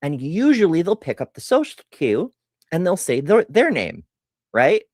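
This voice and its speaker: A woman's voice: low voice, big pitch swings, moderate pace, darkish tone, dry recording, clean studio sound. A middle-aged woman streaming a casual question-and-answer session, rambling off on tangents and laughing at herself. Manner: rambling and tangential, self-deprecating; chatty with frequent laughs and restarts. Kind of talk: casual livestream Q&A.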